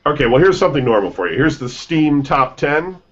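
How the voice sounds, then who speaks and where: Host, male, lively pitch, off-the-cuff news reads with shrugging asides, muffled lo-fi sound. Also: a little fast. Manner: reads game lists with offhand asides and stumbles. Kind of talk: casual radio show news reading. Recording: dull lo-fi sound.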